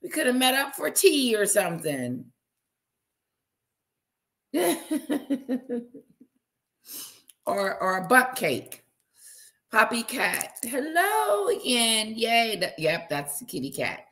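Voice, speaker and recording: A woman hosting a casual livestream, warmly greeting viewers by name, bubbly and chatty. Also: fairly high pitch, sing-song, slow pace, pauses often. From Wisconsin. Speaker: livestream host. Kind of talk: casual live chat with viewers.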